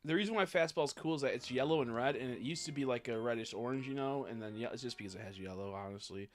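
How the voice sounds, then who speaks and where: A young man streaming a video game in casual chat, swearing a lot and swinging from low mumbles to loud frustrated outbursts. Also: fast talker, slight background noise. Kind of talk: casual gaming livestream chat.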